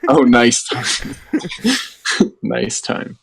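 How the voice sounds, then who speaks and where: A man's voice: mid-range voice, sing-song, extremely slow, gravelly, a crowd in the background. A man co-hosting a casual comedy podcast, crude and joking, swearing often. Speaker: podcast co-host.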